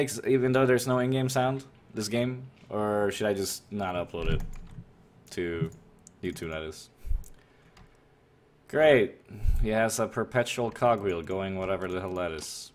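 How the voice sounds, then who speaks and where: A man's voice: fairly low pitch, measured pace. A young man streaming a game, casually talking through play, muttering to himself, swearing and flaring up in exasperation. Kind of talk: casual live gameplay commentary.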